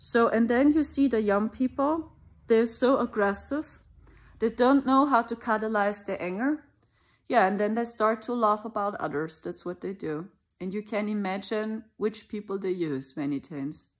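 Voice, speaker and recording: A woman's voice: mid-range voice, normal speed. German-accented woman vlogging, loose rambling chat, dry little asides. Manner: rambling, conversational, with mocking asides. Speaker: spiritual channel host. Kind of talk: casual spoken monologue.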